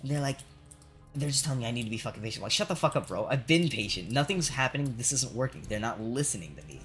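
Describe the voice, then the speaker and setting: A man's voice: medium pitch, animated, fast, a bit bright, faint music behind. Man ranting with heavy swearing. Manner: profane ranting, constant "right?". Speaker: streamer. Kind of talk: venting while playing a game.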